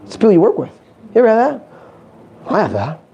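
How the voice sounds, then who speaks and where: Warm-voiced, animated motivational speaker man. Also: high voice, fast talker, gravelly, breathy edge, highs cut off. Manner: animated, joking, asks the crowd questions. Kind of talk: live motivational talk to an audience. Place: conference hall stage.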